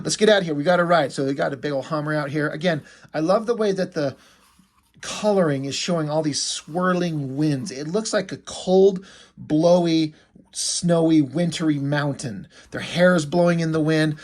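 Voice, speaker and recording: A man talking casually and with enthusiasm as he reviews a comic, rambling a little and using lots of fillers. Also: fairly high pitch.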